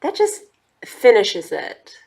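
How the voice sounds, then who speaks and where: A woman's voice: fairly high pitch, huge pitch swings, slow, gravelly, a little mellow. A woman chatting casually through a makeup tutorial, talking straight to her viewers. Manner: chatty, addresses viewers as y'all. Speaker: beauty vlogger.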